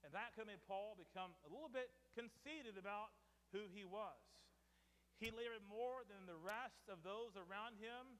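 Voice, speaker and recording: Man, preacher, high voice, emphatic sermon delivery, long reverb. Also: a bit bright. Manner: emphatic, building repetition with dramatic pauses.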